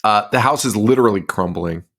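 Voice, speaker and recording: A man's voice: lowish voice, a little fast, fairly bright tone. A man co-hosting a horror movie podcast, casually recapping the plot with lots of swearing and laughter. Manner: profane, laughing, recounts plot with put-on quotes. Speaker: podcast co-host.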